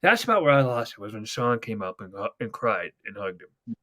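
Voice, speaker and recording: A man's voice: fairly low pitch, sing-song, a little fast, bright, forceful tone. A young man hosting a casual podcast, rambling and swearing as he retells TV scenes at length. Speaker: podcast host. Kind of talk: casual chat.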